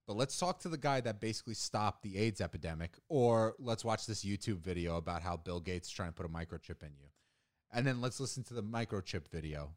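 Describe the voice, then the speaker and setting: A man's voice: lowish voice, expressive, fairly quick. A young man co-hosting a casual podcast chat, rambling with lots of "like," restarts and swearing. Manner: rambling, profane, many restarts and fillers. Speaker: podcast co-host.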